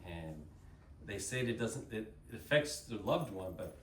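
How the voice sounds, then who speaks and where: A man from Texas in his fifties with an easy Texan drawl tells stories in an animated, folksy way. He speaks from some distance to the mic in a roomy, echoing space. A faint hiss sits behind him. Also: lowish voice, measured pace. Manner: animated, folksy, sprinkles y'all. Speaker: guest speaker. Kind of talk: casual storytelling talk.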